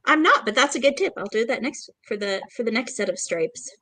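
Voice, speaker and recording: Lively, playful woman podcaster, dry sound. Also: on the high side, a little fast, no echo. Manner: playful, teasing. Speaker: podcast co-host. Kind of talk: casual chat.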